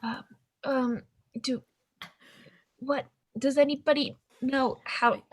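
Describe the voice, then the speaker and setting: A woman playing a tabletop game, talking in a hesitant, halting way. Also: high voice, steady tone. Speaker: player. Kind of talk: casual tabletop play.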